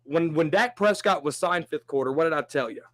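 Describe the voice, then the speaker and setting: A man hosting a live-stream sports talk show, talking with animated energy and reading viewer comments aloud. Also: fairly high pitch, fairly quick, no room sound.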